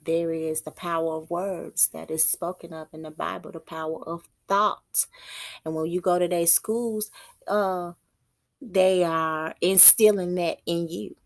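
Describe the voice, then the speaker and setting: A woman giving an informal religious teaching, halting and repeating words as she thinks aloud. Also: fairly low pitch, fairly even intonation, vocal fry. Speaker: prophetess.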